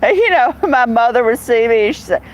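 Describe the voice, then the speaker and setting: Woman chatting on a live stream, kinda high voice, blunt and rambly. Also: animated, brisk, poor audio. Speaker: live-stream host reading chat. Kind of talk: casual live-stream chat.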